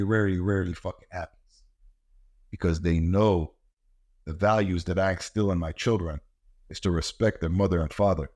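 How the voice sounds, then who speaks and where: A middle-aged man hosting a podcast, talking in a blunt, heated and profane monologue about raising kids. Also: low-pitched. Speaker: podcast host and martial arts coach. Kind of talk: ranting monologue.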